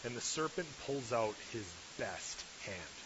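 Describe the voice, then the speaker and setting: A man preaching a sermon as pastor, retelling a story in a lively way and asking the listeners questions. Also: mid-range voice, measured pace. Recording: slightly dull recording with faint hiss.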